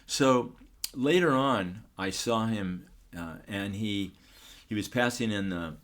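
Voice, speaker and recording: An older man, a photographer, telling a story in a relaxed, rambling way, full of restarts and fillers. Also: on the low side, slow. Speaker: photographer, guest.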